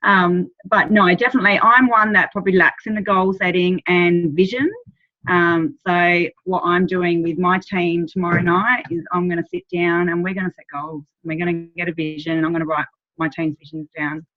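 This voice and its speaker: A woman's voice: lowish voice, level tone, normal speed. Worn out aussie woman rambling on a video call, sorta dull lo-fi sound. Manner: rambling, apologetic. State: tired after a long drive. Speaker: team member sharing on a video call. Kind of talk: casual video call sharing.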